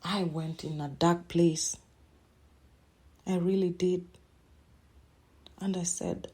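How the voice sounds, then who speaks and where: A middle-aged woman hosting a podcast, telling a personal story in an emotional, halting way and repeating words as she speaks. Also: on the low side, steady tone, mellow, slightly rough. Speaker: podcast host.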